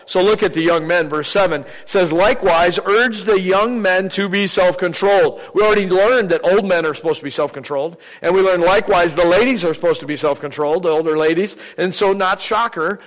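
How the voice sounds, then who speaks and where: A middle-aged man preaching a sermon as pastor, lively and acting out the voices of people he quotes. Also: a little high, long reverb tail, low-quality recording. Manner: animated, acts out quoted voices.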